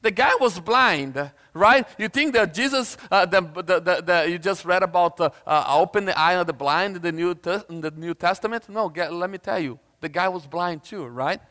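High-voiced animated male preacher. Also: normal speed, few pauses, big-room sound. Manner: animated storytelling, acts out voices, casual asides. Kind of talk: sermon.

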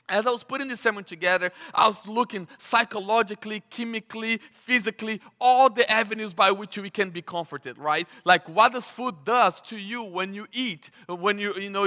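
A man's voice: high-pitched, pushed and bright, big-room sound. A man preaching a sermon. He asks rhetorical questions and often repeats his words.

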